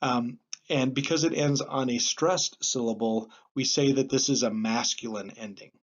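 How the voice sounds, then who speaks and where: A man at a middling pitch lectures a class. He talks in a plain, explanatory way and leans often on um and uh. The recording is a little dull and lo-fi. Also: steady tone, moderate pace. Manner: plain explanatory, with frequent um and uh fillers. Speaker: teacher.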